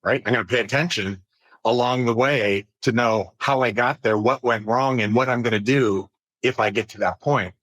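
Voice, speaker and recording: A man being interviewed as a podcast guest, speaking in an earnest, measured way about business and mindfulness. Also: mid-range voice, a bit bright, dry recording. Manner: earnest and measured, thinks aloud with fillers. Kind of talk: reflective conversational interview.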